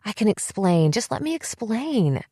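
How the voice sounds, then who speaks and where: A woman's voice: mid-range voice, lively intonation, a little slow, dry recording, clean studio sound. A woman reading the part of a desperate young woman who begs and pleads with her sister in an audiobook. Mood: pleading. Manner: pleading, wheedling, rising to yelling.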